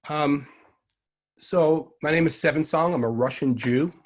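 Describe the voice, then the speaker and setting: A man's voice: fairly high pitch, measured pace. An older man with a Long Island New York accent giving an online herbal medicine lecture, dry and sarcastic, rambling with frequent ums and asides.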